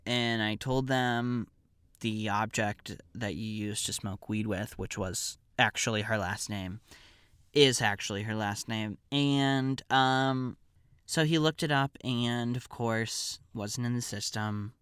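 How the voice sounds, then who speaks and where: A man's voice: mid-range voice, takes it slowly, a bit bright, clear, resonant tone, no echo, studio quality. A man hosting a podcast, telling a comedic personal story in a wry, digressive, offhand way.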